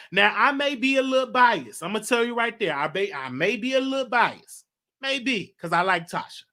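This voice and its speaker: A man hosting his own show, telling a story in a chatty, animated way with slang asides. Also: sits high. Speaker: host. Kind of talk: casual livestream talk.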